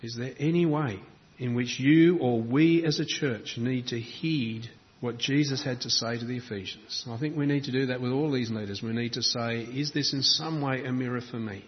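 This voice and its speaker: A man's voice: medium pitch, moderate pace. Male preacher, rhythmic listing delivery, reverb in a dull, muffled church recording. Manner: rhythmic, builds lists of words. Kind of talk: sermon.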